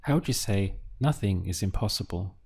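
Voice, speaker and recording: A man teaching a beginner language lesson, drilling words syllable by syllable with patient pauses. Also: low-pitched, lively intonation, creaky, darkish tone, slightly rough. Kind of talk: slow, deliberate language lesson.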